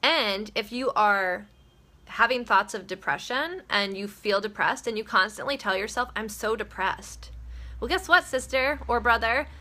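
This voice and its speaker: A woman's voice: on the high side, sharp tone. A woman hosting her daily live video, giving casual motivational talk in a chatty, blunt way, swearing freely and laughing often.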